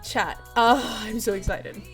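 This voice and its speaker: A young woman chatting casually with her stream chat, bubbly and excitable, giggling often with lots of fillers. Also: a little high, measured pace. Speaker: streamer reading fanfiction to chat. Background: faint music.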